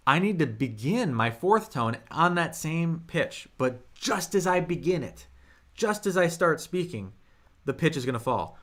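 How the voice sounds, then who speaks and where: A young man from the United States leads a live online language lesson. His voice is bright and forward. He talks in a loose, chatty way, answers viewers' questions and demonstrates tones. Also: on the high side, animated, normal speed. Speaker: Mandarin teacher.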